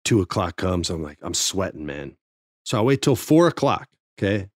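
A man, a former wrestling TV writer, telling a casual backstage story with lively acted-out quotes and free swearing. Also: sits low, normal speed, no echo, studio quality. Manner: animated, swears freely, acts out quotes.

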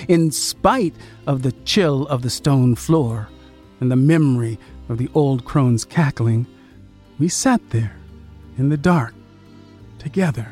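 A man reading a story aloud, slow and measured. His voice moves lively up and down through the sentences, with faint music under it. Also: medium pitch. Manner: measured, expressive. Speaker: narrator.

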